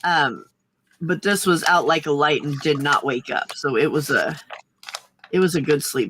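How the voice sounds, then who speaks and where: A woman chatting casually on a livestream, giggling often and filling pauses with ums. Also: low voice, fairly bright tone, slight background noise. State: slightly husky morning voice. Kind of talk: casual chat.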